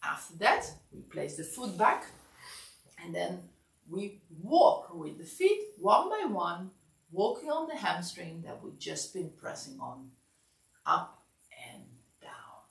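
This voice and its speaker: Woman instructor, drowsy and calm, low gravelly voice, recorded from afar in an echoey studio. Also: unhurried, distant mic. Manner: calm step-by-step guidance, counting aloud. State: sleepy, yawning. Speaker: massage teacher. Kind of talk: instructional class demonstration. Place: massage studio.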